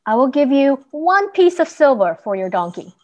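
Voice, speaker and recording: A woman's voice: high-pitched, very animated, moderate pace, darkish tone, voice pushed up. A woman voicing a blunt, cold adult male tanner in a storybook reading. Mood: curt. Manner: curt, blunt.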